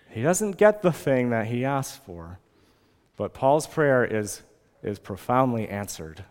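A man in his forties preaching a sermon as pastor, earnest and lively, now and then acting out pleading prayers. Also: medium pitch, long reverb tail.

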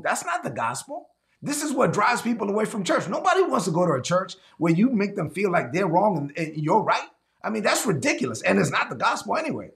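A man preaching a conversational sermon to an online audience, energetic and repeating himself as he acts out quotes from others. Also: sits high, brisk, creaky. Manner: repeats words and restarts often. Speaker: pastor. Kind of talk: livestreamed sermon.

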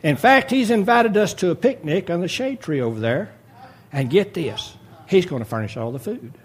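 A man's voice: high voice, expressive, normal speed, slightly rough, voice pushed up. A man voicing a coaxing, sweet-talking young woman. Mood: excited.

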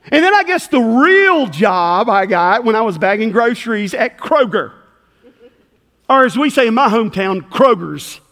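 A middle-aged man, preaching in a church sanctuary. His voice sits high and swings widely as he tells folksy stories and plays out the dialogue. The sound carries a long hall reverb. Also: normal speed. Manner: animated, folksy storytelling with acted-out dialogue. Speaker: pastor. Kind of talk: sermon with personal storytelling.

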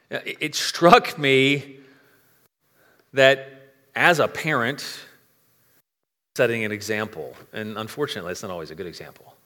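Earnest pastor in a reverberant hall. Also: male voice, medium pitch, unhurried, pauses often, bright, forceful tone. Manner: earnest, conversational preaching with frequent restarts. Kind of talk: sermon. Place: church sanctuary. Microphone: microphone, switched to a handheld. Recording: long reverb of a large church hall.

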